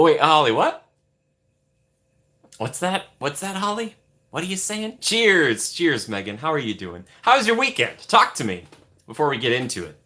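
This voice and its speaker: Lively, bright-voiced male streamer. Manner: upbeat and playful, greeting chatters by name with big swings in pitch. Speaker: livestream host. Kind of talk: casual live-stream chat with viewers.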